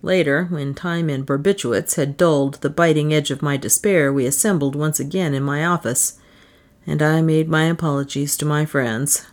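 A woman reading a short story aloud with an expressive delivery, and then commenting on it casually. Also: sits low, normal speed. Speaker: story reader.

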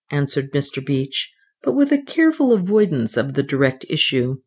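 A measured audiobook narrator with a middle-pitched voice. The reading is steady and even, delivered as scripted narration.

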